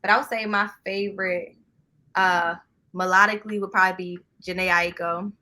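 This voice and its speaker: A woman's voice: mid-range voice, fairly even intonation, normal speed, bright, forceful tone, poor audio. A woman chatting casually as a guest, laid-back and slangy, drawing out her words. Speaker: actress, writer and director as guest. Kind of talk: casual chat.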